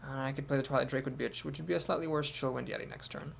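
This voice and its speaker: Gravelly man casually commenting on his game. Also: mid-range voice, fairly even intonation, rapid-fire, background noise. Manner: thinking aloud, wry asides. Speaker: gameplay commentator.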